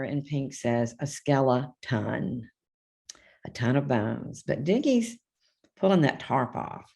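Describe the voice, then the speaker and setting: Older lady reading her kids' dino book out loud, super low gravelly voice, chatty asides between pages. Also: very animated, slow pace. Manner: chatty, reads character lines with small voice shifts and asides. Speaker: children's book author reading aloud. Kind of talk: live storybook reading.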